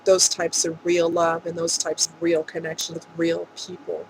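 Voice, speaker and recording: A woman speaking earnestly and emotionally in a rambling vlog monologue, with soft laughs. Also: lowish voice, monotone, normal speed, noisy background. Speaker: vlogger.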